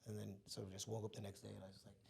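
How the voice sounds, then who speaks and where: A man's voice: fairly low pitch, flat delivery, very fast, gravelly, darkish tone. A man in his thirties, a podcast guest, telling a heartfelt personal story in an earnest, casual way. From Mexico. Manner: earnest, heartfelt, calls listener bro and man.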